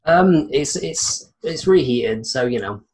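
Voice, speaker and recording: A man co-hosting a podcast, joking in a halting, casual way. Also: on the high side, expressive. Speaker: podcast co-host. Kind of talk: casual chat.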